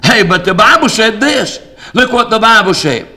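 An older man preaching a revival sermon and leading prayer, fervent and folksy, shouting out his key points. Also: high voice, very animated, normal speed, rough recording.

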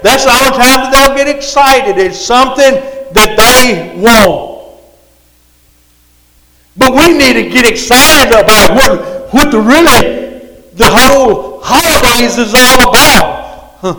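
Slow high-voiced preacher in a hall. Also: male voice, pushed and bright. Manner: rambling, repetitive preaching that swells and drops. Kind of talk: sermon. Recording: reverberant hall.

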